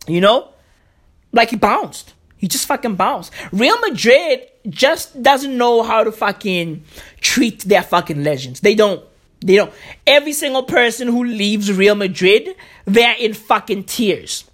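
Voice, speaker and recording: A woman's voice: fairly high pitch, lively intonation, measured pace. Swearing woman ranting in slang. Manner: loose, swearing slang with many fillers and restarts. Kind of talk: profane comedic rant.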